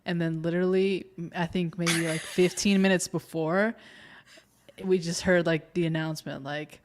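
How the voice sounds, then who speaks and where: A young woman co-hosting a casual livestream, relaxed and giggly, telling stories with lots of "like" and "you know". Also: fairly low pitch, normal speed, background noise. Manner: relaxed, giggly, filler-heavy storytelling. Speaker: co-host.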